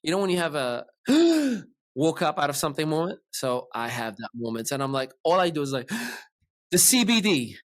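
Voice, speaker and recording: A man's voice: medium pitch, fairly quick, dry recording, studio quality. A man hosting a podcast, casually telling a long story and acting out the voices of the people in it. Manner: animated, acts out dialogue in his retelling. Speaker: podcast host.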